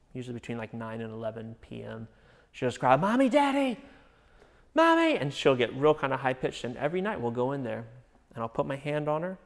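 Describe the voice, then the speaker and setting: A man preaching a sermon as a pastor, earnest, often dropping to a soft hush. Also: medium pitch, gravelly, big-room sound. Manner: earnest, drops to a soft hush on reassuring phrases.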